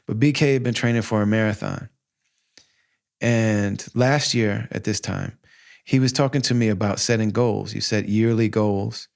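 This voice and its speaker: Gravelly, heartfelt man in his forties. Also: on the low side, normal speed. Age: 40s. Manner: animated, heartfelt, quotes himself in lively asides. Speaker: podcast host. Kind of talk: casual storytelling monologue.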